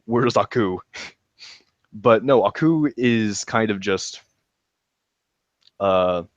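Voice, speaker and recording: Low-voiced man gushing about a show. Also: expressive, drawn-out words, no room sound, highs cut off. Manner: enthusiastic, laughs while recapping, many ums and restarts. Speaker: podcast co-host reviewing a show. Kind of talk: casual review chat.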